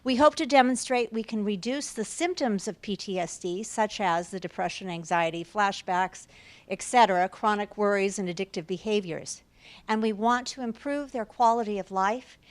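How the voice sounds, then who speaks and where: A woman's voice: medium pitch, fairly bright tone, no room sound. A woman hosting a university talk, reading a prepared introduction of the guest speaker with a few restarts. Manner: reads aloud, with occasional restarts. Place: university lecture room.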